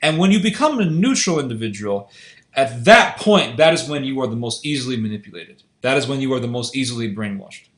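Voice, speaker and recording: A man of middle pitch talks through a loose, unscripted commentary. He is earnest and insistent, and he often doubles back to repeat or restart a phrase. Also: lively intonation, brisk, a bit bright, roomy sound. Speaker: online video commentator.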